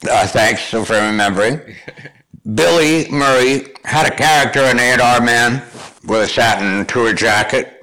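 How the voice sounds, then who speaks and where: A man's voice: medium pitch, a little slow, sharp tone. An older man from Canada, a guest telling long rambling anecdotes with restarts and chuckles. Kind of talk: conversational storytelling.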